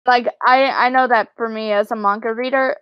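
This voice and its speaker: A young woman co-hosting a podcast, chatting casually about an anime with relaxed slang. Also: fairly high pitch, moderate pace, smooth, dry recording, highs cut off. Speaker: podcast co-host.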